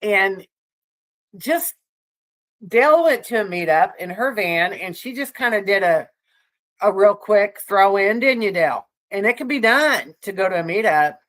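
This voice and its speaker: A woman's voice: medium pitch, expressive, moderate pace, fairly bright tone. A woman co-hosting a casual livestream, chatting with viewers in a rambling way and laughing often. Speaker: livestream co-host.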